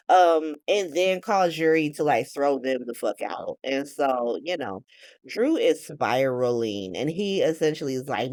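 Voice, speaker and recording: A woman's voice: extremely low pitch, animated, unhurried, a little mellow, no echo, clean studio sound. A woman hosting a soap opera recap, narrating casually in profane slang.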